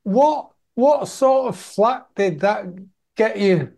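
A man's voice: sits high, expressive, slow pace, vocal fry, darkish tone. A man from England hosting an interview, chatting casually and recapping his guest's stories. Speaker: interviewer, host.

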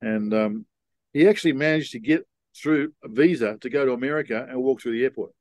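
A man's voice: medium pitch, a little fast, darkish tone, dry recording. An older man, a podcast guest telling stories in a frank, rambling way with many ums and restarts. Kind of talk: casual storytelling conversation.

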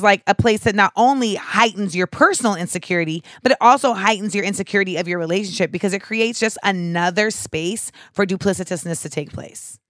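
Woman, thirties, casual comedic podcast chat, animated, swears a lot, dry close mic, mid pitch. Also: no echo. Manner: animated, profane, slips into mocking voices.

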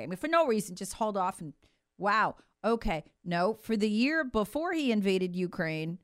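A woman's voice: medium pitch, no echo, studio quality. A woman delivering an emphatic, sarcastic political commentary monologue as host. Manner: emphatic, sarcastic, acts out quoted voices.

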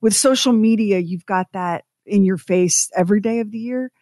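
A chatty woman co-hosts a radio talk show and tells stories with small put-on voices along the way. Her voice sits at a medium pitch. The sound is dry and close, with no room around it. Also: normal speed, dark tone, dry recording. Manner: chatty, storytelling, mimics voices. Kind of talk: casual chat.

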